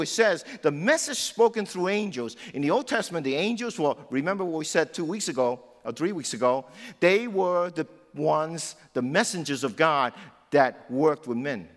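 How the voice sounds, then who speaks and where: Lively, emphatic male preacher in a reverberant hall. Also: a little high. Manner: emphatic, conversational, often says "you know". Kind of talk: sermon.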